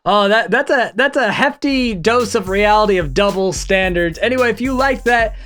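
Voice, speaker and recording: A man's voice: sits high, normal speed, bright, forceful tone, soft background music. A man commenting on a clip in a casual, chatty way and asking viewers to subscribe. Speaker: reaction video host. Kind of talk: reaction commentary.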